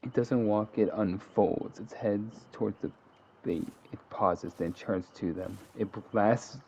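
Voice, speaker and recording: A man's voice: lowish voice, a little slow, dark tone. A man casually reading out game events with dramatic flair, laughing at and correcting his own slips. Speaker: narrator of a game simulation. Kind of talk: casual read-aloud narration. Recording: dull lo-fi sound with faint hiss.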